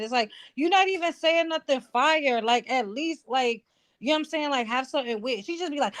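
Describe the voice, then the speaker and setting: Blunt, animated woman calling in. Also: a little high, fairly quick. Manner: blunt, animated, swears freely. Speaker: guest caller. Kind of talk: casual chat.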